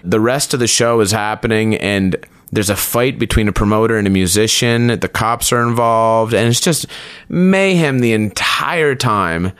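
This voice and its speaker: Guy w a lowish voice telling a funny story, does voices for the quotes, dry close sound. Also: normal speed, clean tone, dry recording. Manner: animated, acts out quotes with pitch jumps. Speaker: storyteller guest; performer. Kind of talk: casual anecdote telling.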